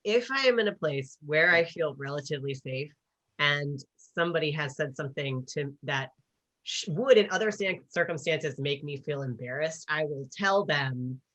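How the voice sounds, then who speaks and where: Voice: mid-range voice, normal speed, a bit bright, dull audio. An author speaking as a guest in a panel talk, rambling and full of filler words, often laughing.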